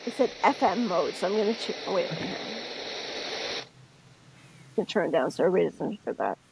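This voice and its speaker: A woman's voice: lowish voice, animated, brisk, gravelly, background noise. A middle-aged woman co-hosting a podcast, telling stories and explaining things step by step in a casual chat. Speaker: podcast co-host.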